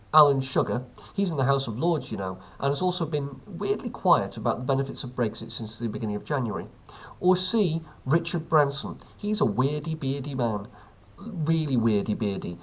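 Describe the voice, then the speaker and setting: A man's voice: medium pitch, expressive, moderate pace, a bit bright, husky. A man who teaches, reading out a weekly quiz at home with dry, offhand jokes between the questions. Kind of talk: casual quiz reading with asides.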